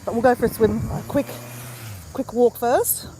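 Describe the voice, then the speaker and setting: A woman's voice: on the high side, moderate pace, warm tone, a little hiss or hum, low-quality recording. A woman chatting casually to viewers as she vlogs a beach walk, talking into her phone camera. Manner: chatty, addresses viewers as "guys". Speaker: vlogger. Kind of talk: casual live-stream vlog. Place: outdoors by a beach and car.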